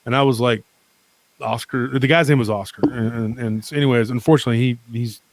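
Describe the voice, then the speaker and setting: A man telling a long personal story as a podcast guest, rambling and animated, with many fillers and restarts. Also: mid-range voice, a little fast, dry recording.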